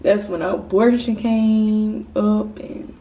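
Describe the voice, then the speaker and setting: A woman's voice: medium pitch, fairly even intonation, slow, highs cut off. A teenage girl, a vlogger, telling a personal story in a casual, rambling, candid way. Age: teens. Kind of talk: storytime vlog. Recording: slightly distant mic with faint noise.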